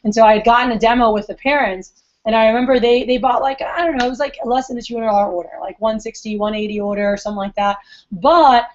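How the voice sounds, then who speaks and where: Fast-talking young woman sales trainer. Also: a little high. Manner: chatty, acts out customer quotes. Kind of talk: storytelling sales training talk. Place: meeting room. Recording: dull lo-fi recording.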